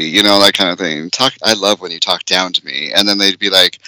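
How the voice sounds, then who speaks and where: A man with a fairly low but very bright, forward voice chats casually as a podcast co-host. He jokes around and keeps dissolving into giggles. The recording is dry and close. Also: moderate pace, dry recording. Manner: giggly, jokey, often breaks into laughter.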